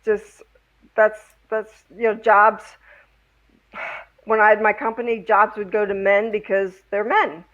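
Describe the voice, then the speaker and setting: A woman guest speaking slowly and haltingly in a casual interview. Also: medium pitch, little pitch movement, a bit bright, lo-fi sound. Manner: slow, halting, measured.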